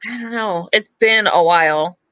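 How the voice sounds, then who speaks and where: A woman's voice: on the low side, normal speed, fairly bright tone, smooth, dry recording, lo-fi sound. A woman co-hosting a podcast, chatting casually about fights, hedging a lot and using plenty of fillers. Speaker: podcast co-host. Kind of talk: casual sports chat.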